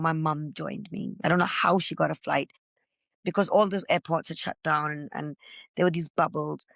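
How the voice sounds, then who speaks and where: A middle-aged woman, a podcast guest, telling her own story with feeling, loud and gregarious by her own account. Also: lowish voice, no echo. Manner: expressive, says she is loud and gregarious. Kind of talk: emotional personal storytelling.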